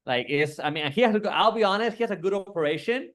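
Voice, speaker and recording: A man's voice: high voice, lively intonation, fast talker, fairly bright tone. A man in casual chat, talking loosely and profanely, peppering everything with "bro" and "like". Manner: profane, rambling, lots of "bro" and "like".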